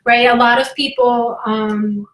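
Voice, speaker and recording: A woman with a fairly high voice talks straight to her viewers, frank and emphatic, peppering her points with "like" and "right?". The room around her rings with a noticeable echo. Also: fairly even intonation, measured pace. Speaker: spirituality coach. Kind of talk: casual live talk to viewers. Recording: roomy echo.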